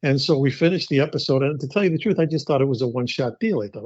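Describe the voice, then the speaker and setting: Older man telling lively stories. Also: mid-range voice, racing, hardly any pauses, no room sound. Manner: animated storyteller who acts out quotes and repeats words. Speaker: guest, actor. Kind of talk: casual interview storytelling. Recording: dry, slightly muffled podcast audio.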